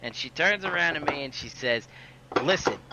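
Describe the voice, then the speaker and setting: A man's voice: on the high side, expressive, a little fast, creaky, highs cut off, background noise. A man telling a long, profane story in casual podcast chat. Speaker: podcast co-host.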